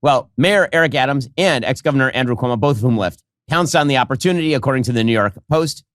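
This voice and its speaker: A man's voice: medium pitch, expressive, fast talker, a bit bright, no echo. A man giving casual commentary on a video clip with wry, dry remarks.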